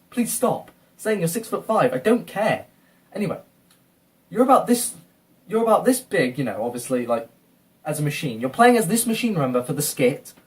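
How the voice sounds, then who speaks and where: Brief: male reactor, fed-up sweary rant, very animated pitch, slightly distant mic. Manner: exasperated, repeatedly insulting and swearing. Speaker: video reactor. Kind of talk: ranting reaction commentary.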